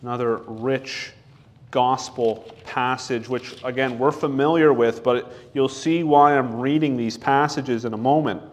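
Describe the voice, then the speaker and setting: Man, preacher, sermon, slow unhurried delivery, deliberate scripture reading, asks and answers. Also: medium pitch, fairly even intonation. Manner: asks questions and answers them himself.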